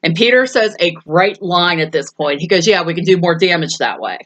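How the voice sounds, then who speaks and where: A woman chats casually about a movie, retelling scenes, laughing a lot, and acting out the quotes. Her pitch is fairly low, and she's animated, brisk, and a bit bright.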